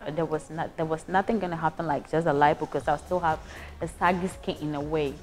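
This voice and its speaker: A young Ghanaian woman casually recounting her hospital stay as a patient, animated and prone to restarts. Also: deep voice, fairly quick, faint music behind. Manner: animated, acts out voices, frequent restarts. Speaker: patient giving a testimonial. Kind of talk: casual storytelling.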